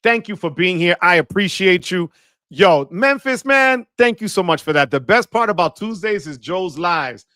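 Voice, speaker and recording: An energetic man hosting a live stream, tossing out shout-outs in quick slang with Spanish sprinkled in. His voice sits high and sounds bright and forceful. The sound is dry and close, with no room around it. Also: dry recording. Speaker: livestream host. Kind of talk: casual live chat greeting viewers.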